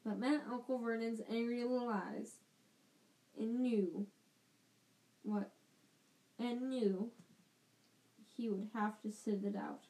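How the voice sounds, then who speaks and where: A woman reading a novel aloud slowly, often stopping to restart a phrase. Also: a little high, fairly even intonation, warm tone, low-quality recording. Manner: slow, careful reading with frequent restarts. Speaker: reader of a book. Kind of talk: amateur audiobook reading.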